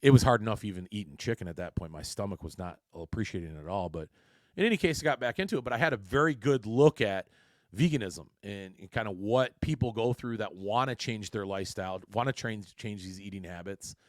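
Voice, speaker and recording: A man hosting a casual solo podcast, talking in a somewhat low voice. He is blunt and curses freely, wandering through his thoughts with many restarts. The sound is dry and close, with no room echo. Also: expressive, brisk. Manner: blunt and heavily profane, rambling with frequent restarts. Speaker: podcast host.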